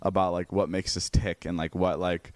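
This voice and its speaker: A young man telling a story in casual podcast chat, animated and swearing a lot, with many fillers and restarts. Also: deep voice, normal speed, dry recording. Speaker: podcast guest.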